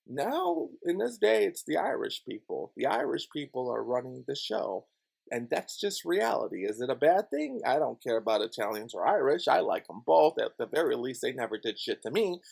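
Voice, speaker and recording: A man's voice: mid-range voice, big pitch swings, normal speed, gravelly, a little mellow, husky. A man from Chicago on his YouTube channel, delivering a heated, profane, repetitive rant. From Chicago, USA. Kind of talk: ranting monologue vlog.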